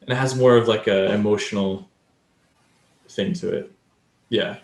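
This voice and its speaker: A man's voice: lowish voice, steady tone, moderate pace, reverberant, a little hiss or hum. A man co-hosting a casual podcast, explaining things at length and acting out example lines. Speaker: podcast co-host. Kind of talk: casual chat.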